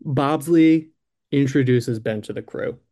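A man's voice: medium pitch, unhurried, dark tone. A man improvising a comic story in a rambling, filler-heavy way.

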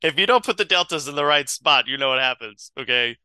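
A man's voice: mid-range voice, expressive, brisk, bright, forceful tone, clear, resonant tone, no echo. A man co-hosting a podcast, telling an improvised comedy story in a playful, teasing way and laughing often.

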